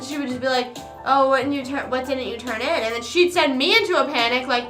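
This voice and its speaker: A young woman streamer chatting casually, rambling through a story with quick asides. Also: sits high, fairly even intonation, fairly bright tone. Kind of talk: casual chat. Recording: echoey room with faint music.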